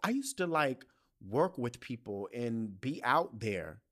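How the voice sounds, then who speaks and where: Profane, animated man ranting. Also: medium pitch, takes it slowly. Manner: profane, heated venting with lively storytelling. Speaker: podcast host. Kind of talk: casual monologue rant.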